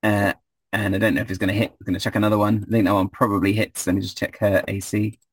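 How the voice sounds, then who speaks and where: A man's voice: on the low side, level tone, quick pace, slightly rough, no room sound. A man running a tabletop game as game master, hesitant with many fillers.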